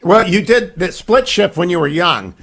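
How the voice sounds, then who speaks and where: A man's voice: high voice, lively intonation, moderate pace, fairly bright tone. A man in his sixties hosting a radio talk show, joking and bantering with his guests. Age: 60s. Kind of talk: casual radio interview.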